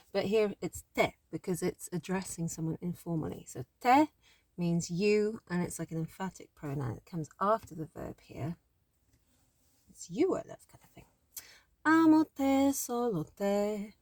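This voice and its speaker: A woman's voice: lowish voice, no echo. A woman language teacher giving a casual lesson, explaining step by step in a chatty way with apologetic asides.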